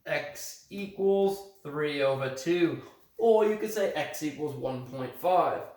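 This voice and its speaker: Male teacher, put-on British accent, slow careful explaining, very echoey room. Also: a little high. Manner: steady step-by-step explaining, correcting own slips. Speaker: math teacher. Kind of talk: recorded remote lesson. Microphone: phone. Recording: echoey room, phone from a distance.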